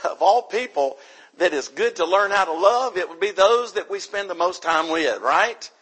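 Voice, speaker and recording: A man's voice: high voice, animated, normal speed, a bit bright, breathy edge, low-quality recording. A man from the United States preaching an emphatic sermon into a microphone, repeating his key points for stress.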